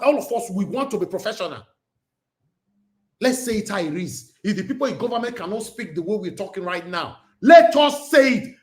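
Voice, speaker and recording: A fired-up Nigerian man holds forth on a live stream, his fairly high voice ringing in a roomy space. He rants and jabs, sliding between Pidgin and English. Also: bright, forceful tone. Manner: heated, ranting, mixes Pidgin and English. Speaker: talk show host. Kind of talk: live-stream commentary and call-in. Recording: roomy echo.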